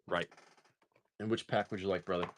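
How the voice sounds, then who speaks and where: A man hosting a live stream, chatting casually and excitedly to viewers as he opens card packs. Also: low voice, fairly quick, noisy background.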